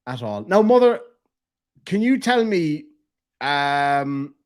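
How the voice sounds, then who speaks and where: Irish man, young adult, comic storyteller, lively swoops, fairly high voice. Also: takes it slowly, clear, resonant tone. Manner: animated, laughing, swearing. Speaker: vlogger.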